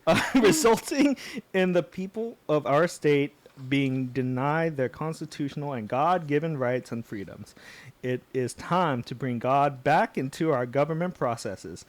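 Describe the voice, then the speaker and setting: A man's voice: on the high side, animated, measured pace, no echo. A man voicing a pompous political candidate in a put-on Southern US accent, reading a statement aloud in a hammy way. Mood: mock-solemn.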